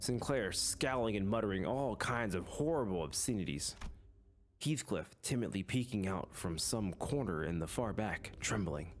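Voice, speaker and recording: A man's voice: fairly low pitch, lively intonation, normal speed, slight background noise. A man reading game text aloud and reacting, in a jokey, dramatic way. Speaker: gaming YouTuber.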